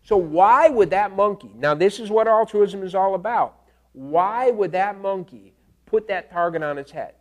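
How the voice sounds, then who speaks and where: Male instructor, light high voice, relaxed classroom lecture, animated storyteller who keeps asking "all right?". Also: moderate pace. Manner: animated storytelling, acts out screams and animal calls; casual, checks in with "okay?" and "all right?". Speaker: teacher.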